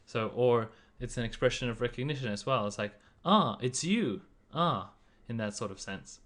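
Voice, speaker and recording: A man's voice: mid-range voice, fairly even intonation, brisk. Man explaining a language lesson. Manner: explanatory, demonstrates sounds with varied tones. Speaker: language teacher. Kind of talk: voice-over slide lesson.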